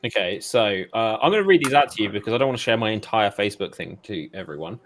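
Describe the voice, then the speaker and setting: A man's voice: lowish voice, lively intonation, fast talker, slight background noise. A British man co-hosting a casual podcast, reading out online comments in a stop-start way with frequent laughs. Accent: British English. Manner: giggly, stop-start reader. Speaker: podcast co-host.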